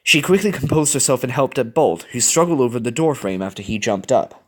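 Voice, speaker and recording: Man, storybook reader, middle pitch, lively melodic delivery, expressive. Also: a little fast. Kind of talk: reading fan fiction aloud.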